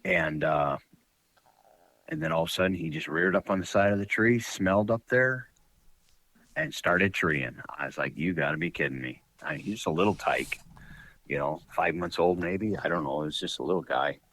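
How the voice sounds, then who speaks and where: A man's voice: low voice, lively intonation, normal speed, a bit bright, no room sound, rough recording. A man guest on a podcast, telling hunting-dog stories in a rambling, folksy way with lots of fillers. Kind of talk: casual storytelling.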